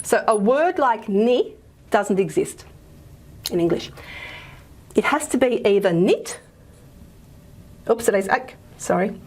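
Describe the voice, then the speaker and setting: A woman's voice: medium pitch, very animated, takes it slowly, pauses often, darkish tone. A woman giving a phonetics lecture, explaining patiently with many fillers and frequent "okay?" checks. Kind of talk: recorded lecture.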